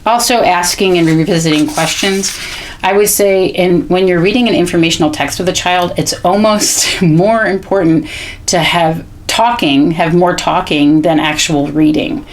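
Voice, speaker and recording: A woman's voice: fairly low pitch, fairly even intonation, slight background noise. A woman teaching parents how to read aloud to children, chatty and explanatory with frequent "um" and "okay?" check-ins. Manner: reads sample text slowly with stressed words. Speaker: literacy educator. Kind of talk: instructional video demonstrating read-alouds.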